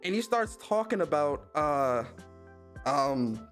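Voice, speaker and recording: Man, gaming show host, high voice, swings wildly up and down, profane storyteller, faint music behind. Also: takes it slowly. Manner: animated, profane storytelling with mocking impressions. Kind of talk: casual rant.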